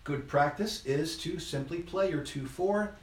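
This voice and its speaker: A man giving an instrument lesson, counting beats aloud in an encouraging, relaxed way while he plays. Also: on the high side, measured pace, reverberant. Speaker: music teacher.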